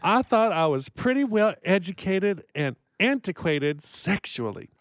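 A man's voice: high voice, sing-song, measured pace. A man co-hosting a podcast, reading listener letters aloud in casual chat and often breaking into giggles. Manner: giggly, playful, breaks into laughter. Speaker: podcast co-host.

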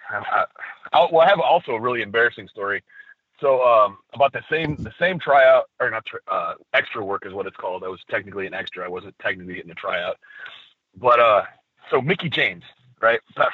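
A man telling lively stories on a podcast, acting out what others said. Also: mid-range voice, husky, no room sound. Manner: animated storyteller, acts out quotes. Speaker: podcast guest. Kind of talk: casual storytelling. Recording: tinny phone-line sound.

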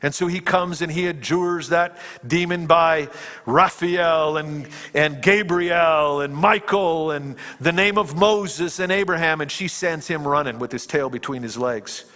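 A male preacher retelling a film scene in a sermon, shifting between hushed tones and emphatic peaks. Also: on the high side, unhurried, big-room sound. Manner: dramatic storytelling, dropping to hushed tones and rising to emphatic peaks.

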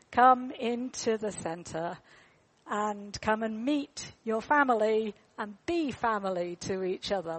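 Chatty woman preaching. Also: mid-range voice. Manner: chatty, with fillers and repeated words. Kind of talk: storytelling sermon.

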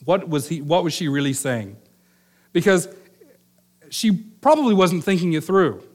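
A man's voice: a little high, lively intonation, measured pace, pauses often. A middle-aged male pastor preaching a sermon in a conversational storytelling manner, voicing the people in the story. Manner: conversational storytelling, acts out quoted lines.

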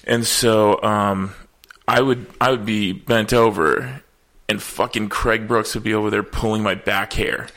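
A man's voice: lowish voice, fairly even intonation, unhurried, fairly bright tone. A man around forty hosting a casual chat, telling stories in a laid-back way, swearing and trailing off with fillers. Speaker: comedian, host.

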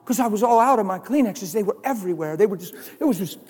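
A man with a very high voice preaches a sermon, moving between hushed, quiet moments and loud, emphatic bursts. A long reverb trails after his words, as in a large hall. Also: lively intonation, fast, husky. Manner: storytelling, swings from hushed to loud.

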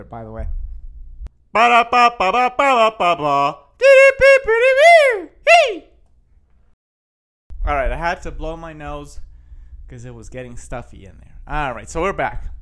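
Rambling man with a slightly high voice. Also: a bit bright. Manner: rambling, full of fillers and restarts. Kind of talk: casual chat reading out news headlines.

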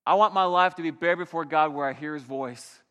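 A man preaching a sermon in a church sanctuary, his delivery swinging between quiet, reflective stretches and loud, emphatic ones. His voice sits high and bright. A long reverb trails after his words. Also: fairly quick, lo-fi sound. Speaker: pastor.

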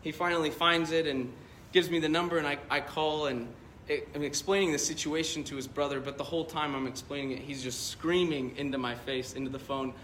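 A man's voice: a little high, steady tone, brisk, hardly any pauses, fairly bright tone, echoey room, slight background noise. A male pastor preaching a sermon, telling a story in a loose, conversational way with many fillers.

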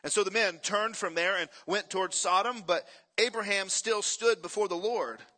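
A man preaching to his congregation, full of energy as he tells a story and throws questions out to the room. His voice is bright and forward, and it sits a little high for a man. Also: moderate pace. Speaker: pastor. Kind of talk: sermon.

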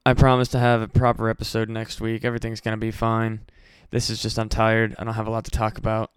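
A man's voice: on the low side, completely flat delivery, fast, clean tone, no echo. A tired man from the Midwest rambling casually and profanely as a solo podcast host. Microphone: home podcast mic.

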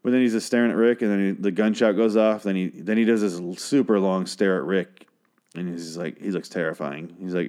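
A man's voice: deep voice, fast talker. Crude, rambling man recapping a show. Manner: rambling, crude, animated asides. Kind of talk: casual profane recap.

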